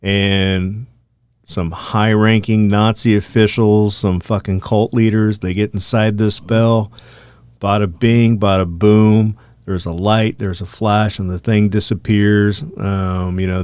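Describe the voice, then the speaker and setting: A man's voice: fairly low pitch, a little slow, clean tone, no room sound. A man co-hosting a podcast, telling a rambling story in casual chat with lots of swearing. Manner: profane, animated, rambling. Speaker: podcast co-host.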